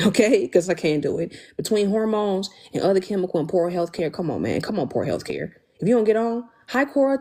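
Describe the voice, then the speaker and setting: A young woman hosting a casual livestream, talking in an animated, emphatic, slangy way and thanking viewers as she goes. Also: mid-range voice. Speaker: livestream host.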